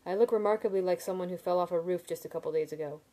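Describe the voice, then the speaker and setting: A woman reading a novel aloud, voicing a shaken but wry and steady young man student in a dry, understated way. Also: lowish voice, racing, close to an everyday voice. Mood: calm.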